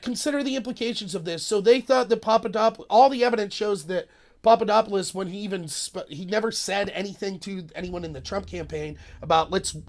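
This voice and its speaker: A man hosting a solo political commentary video, talking in an animated, sarcastic way and mocking the voices of the people he quotes. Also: sits high.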